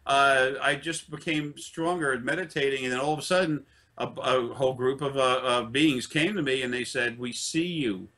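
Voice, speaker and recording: Bright-voiced man telling a rambling story. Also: mid-range voice, steady tone. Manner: rambling, halting, with many fillers and restarts; blunt, swears freely. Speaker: interviewee. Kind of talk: casual spoken storytelling.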